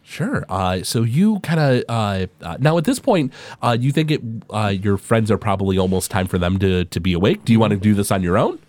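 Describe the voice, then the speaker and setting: A man narrating as game master, halting with frequent uhs. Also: on the low side, sing-song, darkish tone, no room sound.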